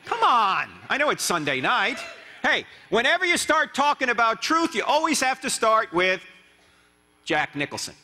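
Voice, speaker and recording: A man, a guest speaker and apologist, giving a lively lecture in a church, firing rhetorical questions at the crowd and dropping joking asides. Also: very high voice, moderate pace. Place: church sanctuary. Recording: long reverb of a church hall.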